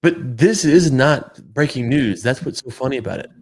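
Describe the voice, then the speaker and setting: A man co-hosting a casual podcast, ranting in an animated, sarcastic way. His voice sits at an ordinary middle pitch, and his delivery keeps swinging between mockery and exasperation. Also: normal speed, husky. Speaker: podcast co-host. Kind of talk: casual political chat.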